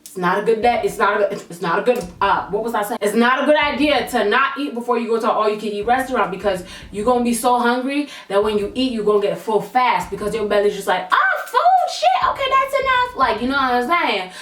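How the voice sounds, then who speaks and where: A young woman telling a storytime vlog in a lively, slangy way, swearing freely. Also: fairly high pitch, quick pace, hardly any pauses, roomy sound, distant mic. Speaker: vlogger.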